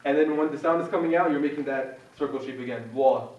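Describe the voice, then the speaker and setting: A young man teaches a student class in a small meeting room, his slightly high voice patient and casual as he repeats sounds for the group. He is picked up from across an echoey room, and the sound is muffled and a little dull. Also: fast, darkish tone, recorded from a distance. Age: young adult. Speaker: Quran recitation teacher.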